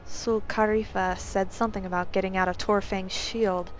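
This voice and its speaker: A woman voicing a stern, probing male guard captain who asks measured questions. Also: medium pitch, little pitch movement, a little hiss or hum, lightly acted, poor audio.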